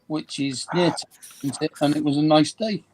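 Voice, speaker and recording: A man with a fairly high voice answers in short, matter-of-fact replies during a casual live-stream chat. A faint noise sits under his line. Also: steady tone, moderate pace, darkish tone.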